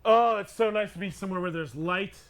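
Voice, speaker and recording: A man's voice: sits high, fairly quick, vocal fry, noisy background. A man performing in a live improv scene, frantic and paranoid, blurting exclamations. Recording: live show with audience laughter.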